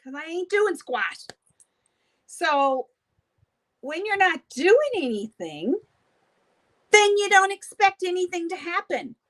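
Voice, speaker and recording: A woman's voice: very high-pitched, sing-song, slow, pauses often, a bit bright. A woman hosting a beauty livestream, chatting casually with viewers while doing her makeup, gossipy and often laughing.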